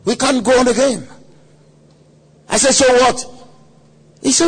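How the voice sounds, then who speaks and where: A man preaching a sermon at a conference, telling a story dramatically with quoted voices and sudden shouts. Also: very high-pitched, big pitch swings, moderate pace, gravelly, pauses often, slightly rough. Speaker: pastor. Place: conference hall.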